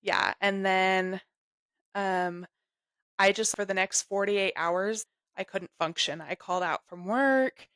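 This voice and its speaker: A young adult woman telling a personal story in an interview, halting and emotional, full of "like". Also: medium pitch, fairly bright tone, no room sound. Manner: halting, emotional, heavy use of "like". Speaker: guest sharing her story.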